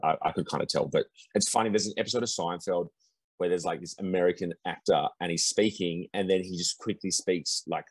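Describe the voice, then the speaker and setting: A man's voice: deep voice, brisk, breathy edge, no echo, poor audio. A man who talks as a guest commentator on a casual podcast, rambling with many restarts and repeated agreement. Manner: rambling, lots of restarts and "yeah yeah". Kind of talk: casual chat.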